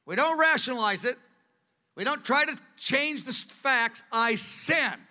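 High, bright-voiced male preacher. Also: expressive, moderate pace. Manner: earnest, acts out quoted voices. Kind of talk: sermon. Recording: long hall reverb.

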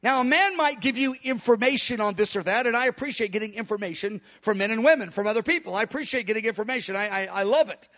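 A man with a very high voice delivers a sermon-style teaching on prayer. He is a fast, hard talker who presses his points with emphasis. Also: pushed and bright.

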